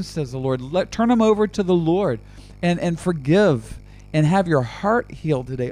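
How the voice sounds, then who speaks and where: A man delivers a fervent sermon that moves into spoken prayer. His voice sits a little higher than most men's. He keeps stumbling over words and doubling them as he presses on. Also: expressive, normal speed, dark tone. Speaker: preacher. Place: radio program.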